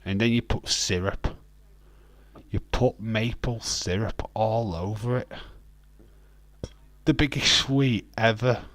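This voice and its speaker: A man's voice: on the low side, slow pace, long pauses, fairly bright tone, dry recording. A British man hosting a livestream, answering his chat in a joking, ranting back-and-forth with laughs. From United Kingdom. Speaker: livestream host. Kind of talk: casual chat answering live chat.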